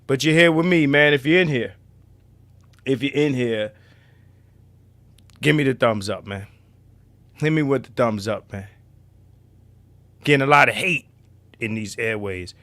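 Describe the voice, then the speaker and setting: Loud, profane livestream host, bright voice. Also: male voice, measured pace, long pauses, no room sound. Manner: loud and profane, drops to a low mutter at times. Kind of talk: casual livestream talk.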